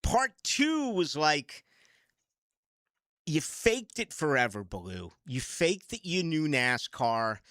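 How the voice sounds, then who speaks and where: A man's voice: fairly high pitch, takes it slowly, no echo. A man hosting a sports radio show, ranting in casual talk. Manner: animated, ranting. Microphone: studio microphone.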